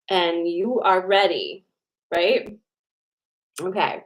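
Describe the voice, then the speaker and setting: A woman's voice: on the low side, normal speed, low-quality recording. A woman in her forties hosting a casual livestream, chatty and rambling, reading cards to viewers and full of "like" fillers.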